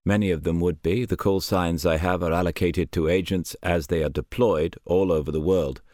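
A man's voice: low-pitched, fairly even intonation, normal speed, a little mellow, no room sound, studio quality, lightly acted. A man voicing an earnest male German officer who has defected, answering guardedly in an audiobook.

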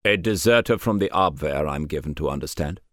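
A man's voice: very deep voice, brisk, fairly bright tone, no room sound. A man voicing a shrewd old colonel. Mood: probing. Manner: dry, probing questions. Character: shrewd rotund male British colonel in his sixties.

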